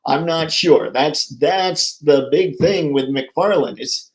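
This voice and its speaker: A man's voice: a little high, slow. A man hosting a live stream about toy collecting, talking casually with viewers in an upbeat, jokey way.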